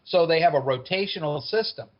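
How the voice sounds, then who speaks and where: A man's voice: on the high side, brisk. A man telling a personal story in a wry, conversational way. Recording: dull lo-fi recording.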